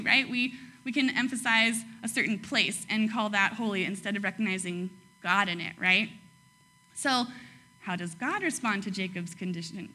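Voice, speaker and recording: Bright-voiced young woman giving a casual sermon. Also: medium pitch. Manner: chatty, laughs often, says "like" and "right?". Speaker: preacher.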